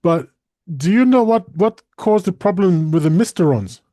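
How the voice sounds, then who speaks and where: A man with a high, light voice chats on a talk show, recorded dry and close. He is animated, laughs often and slips into playful voices. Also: normal speed, no echo. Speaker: co-host. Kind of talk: casual chat.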